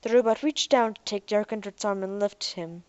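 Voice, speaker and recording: A woman reads an audiobook in an even, measured voice of middle pitch. The recording is dry and close, with no room sound. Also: smooth, dry recording, dull audio. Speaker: audiobook narrator. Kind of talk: scripted narration.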